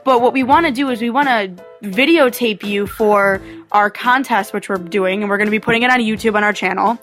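A woman making a prank phone call, talking in brisk, persuasive sales-pitch patter. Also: a bit bright, faint music behind. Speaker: prank caller.

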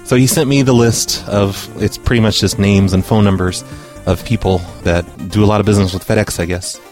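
A man's voice: lowish voice, fairly even intonation, brisk, a little mellow, faint music behind. A man hosting a prank call radio show, brash and profane, talking casually and posing as an official on calls.

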